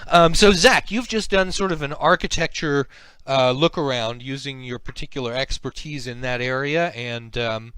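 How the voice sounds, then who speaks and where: A man's voice: mid-range voice, normal speed, hardly any pauses, sharp tone, smooth, dry recording. Hesitant man running a tabletop game. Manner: hesitant, many ums and repeated starts. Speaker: game master.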